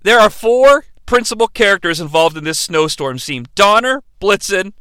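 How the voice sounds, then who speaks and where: A man's voice: high-pitched, animated, moderate pace, pushed and bright, clean tone, no room sound, studio quality. A man hosting a profane, joking recap of a movie. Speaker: movie reviewer host.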